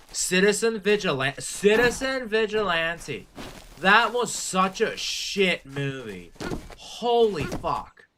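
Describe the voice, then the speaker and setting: A young Australian man talks to his stream chat as he plays, rambling and swearing freely, his pitch jumping up whenever he gets worked up. Game music plays clearly behind his voice. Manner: rambling, profane, excitable, chatting to viewers while playing. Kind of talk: casual live-stream chat.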